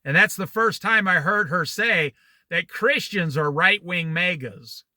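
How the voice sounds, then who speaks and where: A man in his sixties leading a Bible study, reading scripture and wandering into opinionated, animated asides and stories. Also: high-pitched, measured pace, dry recording. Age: 60s. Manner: opinionated, digressive, animated storytelling. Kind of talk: Bible study teaching with commentary.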